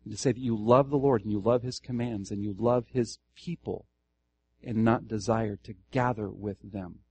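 A man's voice: fairly low pitch, steady tone, normal speed, a little mellow, slightly rough. A man teaching Scripture to a church group, earnest, restarting phrases and putting questions to the room. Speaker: Bible teacher. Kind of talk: Bible study teaching to a congregation.

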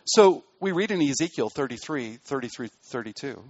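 A man preaching a sermon in an earnest way, building to emphatic peaks and then dropping to quiet asides. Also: mid-range voice, expressive, normal speed, no echo, highs cut off. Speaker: pastor.

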